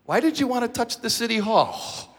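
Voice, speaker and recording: A man's voice: very high-pitched, animated, normal speed, slightly rough, voice pushed up, exaggerated voice. A man voicing a stern German police officer who questions in short, blunt lines, heard in a reverberant hall. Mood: incredulous.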